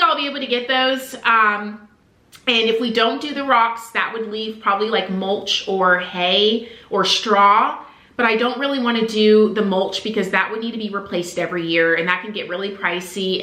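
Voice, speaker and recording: A young woman talks to her camera in a casual, heartfelt way, sprinkling "like" through her sentences. Her voice is bright and a little tense. The room around her has a noticeable echo. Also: medium pitch. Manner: earnest and emotional, many "like" fillers. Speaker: vlogger.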